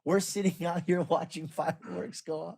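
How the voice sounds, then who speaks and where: A man, a guest on a casual podcast, telling a lively story and putting on quick impressions of the people in it. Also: a little high, gravelly, breathy edge. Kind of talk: casual chat.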